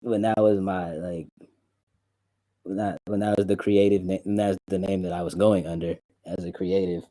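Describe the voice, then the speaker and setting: A man's voice: deep voice, steady tone, normal speed, dark tone, no room sound. A man who makes beats, casually chatting on his stream about his old producer tags, rambling and restarting his sentences. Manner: rambling, restarts often, laughs while telling stories.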